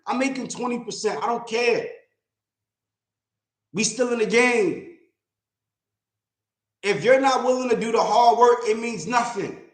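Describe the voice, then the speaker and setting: Blunt mentor guy on a livestream, keeps repeating himself for emphasis, kinda high voice. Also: measured pace, pauses often, roomy sound. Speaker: real estate investor and mentor. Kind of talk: livestream talk.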